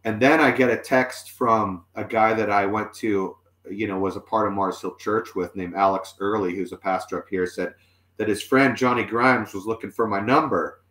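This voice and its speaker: A man's voice: fairly low pitch, fairly even intonation, moderate pace, a bit bright. Rambling man with a roomy echo. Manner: rambling, many fillers and restarts. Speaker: musician guest. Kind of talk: casual storytelling chat. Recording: roomy echoey sound.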